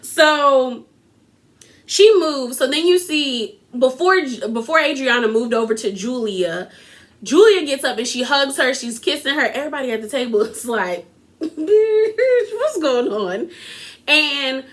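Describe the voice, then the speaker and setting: A woman's voice: high-pitched, animated, moderate pace, a bit bright. A young woman recapping a reality TV episode in casual, gossipy chat, giving her opinions and talking straight to her viewers.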